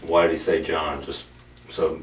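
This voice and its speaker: Deep-voiced, methodical man interrogating. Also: level tone, moderate pace, noisy background. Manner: methodical, probing questions. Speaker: police detective. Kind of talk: police interrogation. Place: interrogation room. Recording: roomy, distant, dull archive tape.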